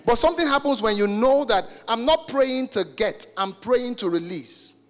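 A pastor preaches with emphasis and keeps calling out to his listeners. His voice sits high for a man. It rings through a reverberant church hall with soft music underneath. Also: animated, moderate pace. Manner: emphatic, calls out to the congregation. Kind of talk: sermon.

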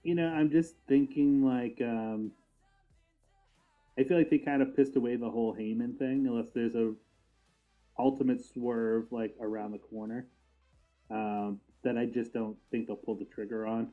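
A man's voice: medium pitch, steady tone, normal speed, faint music behind. Guy cohosting a wrestling chat, lots of um and like, laughs a lot, phone-line tinny sound. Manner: laughs often, thinks aloud with fillers. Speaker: podcast co-host.

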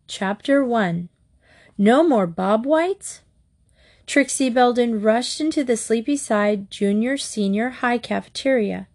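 A woman reading a children's mystery book aloud in a clear, measured storybook narration. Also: on the high side, expressive, darkish tone. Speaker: audiobook reader.

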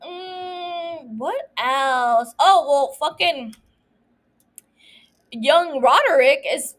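A woman hosting a solo podcast, ranting casually and excitedly about a TV show, swearing often. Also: sits high. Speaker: podcast host.

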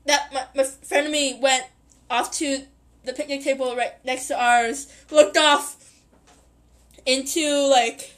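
A woman's voice: sits high, steady tone, slow. A woman in her twenties hosting a podcast, telling a story in a rambling, giggly way and correcting herself often. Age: 20s. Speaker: podcast host.

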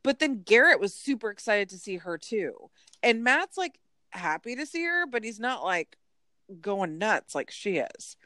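A woman's voice: medium pitch, measured pace, no room sound, studio quality. Chatty woman recapping with lots of likes. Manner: animated storytelling with frequent "like" asides. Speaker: podcast co-host. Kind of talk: casual chat recapping a reality show.

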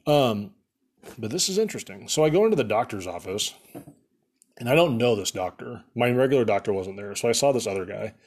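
A man's voice: fairly low pitch, animated, a little fast, darkish tone, husky. A young man host telling rambling stories in a casual podcast chat, saying "like" a lot and laughing at his own jokes. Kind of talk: casual storytelling rant.

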